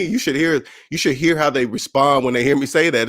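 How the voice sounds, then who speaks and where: A man with a somewhat high voice talks in a loose, motivational monologue, hosting his own personal finance show. He gets animated and acts out the voices of coworkers and friends as he tells his stories. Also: brisk, hardly any pauses. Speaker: personal finance channel host.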